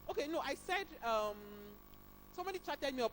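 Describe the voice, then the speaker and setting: Woman, higher voice, animated career talk, faint hum behind. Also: fast, low-quality recording. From Nigeria. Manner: animated, acts out dialogues with emphatic pitch jumps. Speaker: HR specialist speaker. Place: career fair event.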